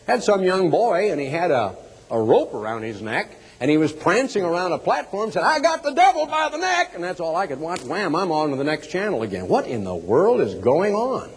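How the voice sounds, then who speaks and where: Man preaching, middle-aged, husky, lively rising and falling pitch, sarcastic, long hall echo. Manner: animated, sarcastic, mocking asides. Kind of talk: sermon.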